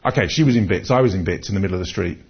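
A man with a low, breathy-edged voice and vocal fry preaches very quickly in a conversational style. He tells personal stories and keeps restarting his sentences, repeating words as he goes. The recording is dull and lo-fi.

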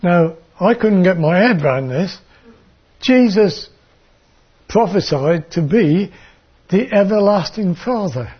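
A man preaching a sermon and reading from the Bible in a measured way, sometimes stumbling and repeating words. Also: sits high, lively intonation, breathy edge, muffled recording.

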